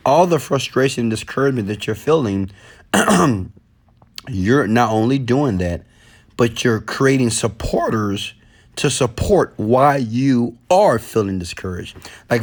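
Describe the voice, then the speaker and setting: Guy doing a motivational talk, preachy, repeats stuff, goes quiet then loud. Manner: preachy, repeats phrases, swings between low murmurs and raised voice. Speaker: motivational speaker.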